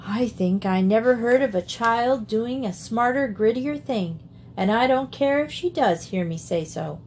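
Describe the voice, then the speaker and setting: A woman's voice: a little high, lively intonation, measured pace, darkish tone, slight background noise. A woman voicing a fiery young woman cousin who speaks hotly and outspokenly. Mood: heated. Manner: hot, outspoken.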